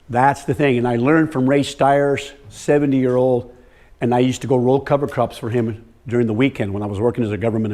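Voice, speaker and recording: An older man presents a soil health workshop to farmers in a room with a live audience, telling stories and firing questions at them. His voice is mid-range with a darkish tone.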